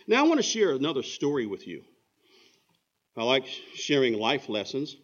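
A man preaching a sermon in an emphatic voice, slowing down to dwell on key words. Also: medium pitch. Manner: emphatic, with slow dramatic phrasing. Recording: dull lo-fi recording.

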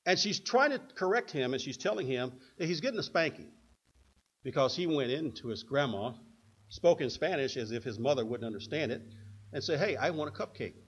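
Husky older man preaching a sermon. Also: mid-range voice, a little fast. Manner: animated, acts out quotes in put-on voices. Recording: dull lo-fi recording.

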